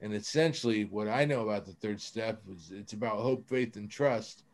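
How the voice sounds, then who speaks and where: A man's voice: fairly low pitch, normal speed. A man telling his own recovery story on a podcast, earnest and casual, often dropping "man".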